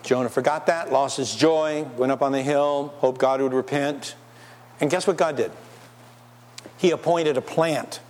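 A man's voice: mid-range voice, steady tone, measured pace, darkish tone. A man preaching a sermon in a church, asking his listeners rhetorical questions. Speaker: pastor. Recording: long hall reverb.

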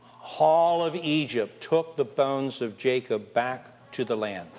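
Animated preacher in a reverberant hall. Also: male voice, mid-range voice, slow. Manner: animated, asks the congregation questions. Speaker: pastor. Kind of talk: sermon with scripture reading and congregation questions. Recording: long reverb of a large hall.

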